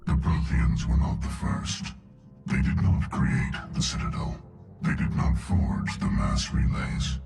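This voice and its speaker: An actor playing an ancient, arrogant male machine overlord in a video game, speaking in slow, ominous pronouncements through a heavy echo effect. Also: wildly swooping pitch, loud music behind the voice, full character voice. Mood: menacing. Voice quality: deep gravelly reverberating voice.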